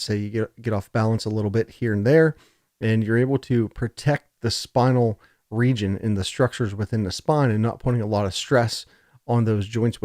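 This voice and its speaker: A man's voice: mid-range voice, a little mellow, no room sound, studio quality. A man giving a casual, digressive recorded lecture, joking along the way, his throat a little scratchy. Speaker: college lecturer.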